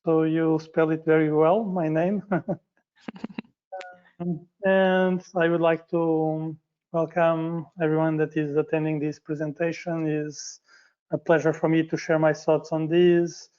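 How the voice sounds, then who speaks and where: Portuguese-accented man, non-native English speaker, webinar presenter; flat and hesitant, lo-fi call audio. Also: on the high side, clean tone. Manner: halting, frequent fillers and self-corrections. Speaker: guest speaker.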